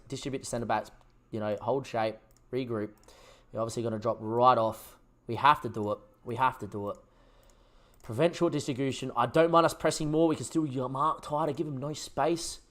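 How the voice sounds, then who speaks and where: A young man commentating his own football management game, excitable and chatty. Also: mid-range voice. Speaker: gaming YouTuber.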